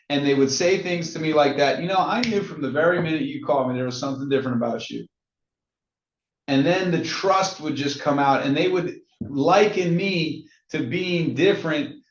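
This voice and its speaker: An energetic man coaches real estate agents, acting out call scripts in lively voices. His voice sits fairly high. The recording is roomy and a little dull. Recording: echoey, dull-sounding room recording.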